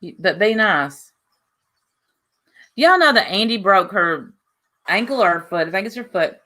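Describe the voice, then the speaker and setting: Bright, lively woman hosting a livestream. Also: medium pitch, measured pace. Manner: chatty, rambling, lively asides. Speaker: livestream host. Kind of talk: casual livestream chat.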